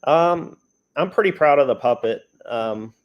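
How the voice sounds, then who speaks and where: A man talking casually as a guest on a video-call livestream, easygoing and hesitant with many pauses. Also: medium pitch, expressive, clean tone, highs cut off. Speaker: haunt prop builder guest.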